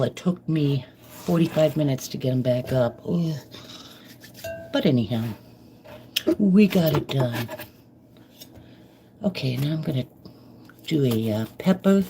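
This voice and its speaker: A middle-aged woman chatting casually to viewers while cooking live in her home kitchen, rambling and friendly with her audience. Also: sits low. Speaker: live-stream cooking vlogger. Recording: kitchen noise under the voice. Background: chopping and kitchen clicks.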